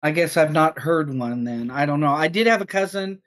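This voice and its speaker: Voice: mid-range voice, lively intonation, normal speed. Curious speaker in casual chat. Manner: curious, asks questions. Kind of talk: casual chat among friends.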